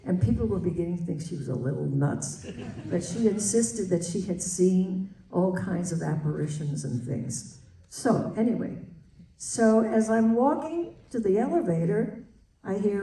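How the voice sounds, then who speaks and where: An older woman telling an anecdote on stage, laughing as an animated storyteller. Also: medium pitch, a little slow, crowd noise, noisy background. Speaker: guest. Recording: roomy hall, distant mic.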